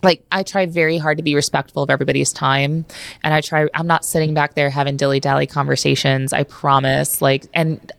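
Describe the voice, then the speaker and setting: A woman's voice: deep voice, little pitch movement, fairly quick, gravelly, dry recording. A woman chiropractor talking casually and frankly, telling stories and acting out her own conversations with patients. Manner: candid, frank storytelling that acts out her own quoted exchanges. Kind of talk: casual interview talk.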